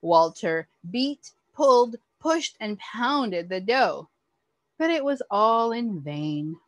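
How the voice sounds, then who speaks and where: A woman, an early childhood educator, reading a picture book aloud to children with expressive, animated storytelling. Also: on the high side, slow pace, dry recording.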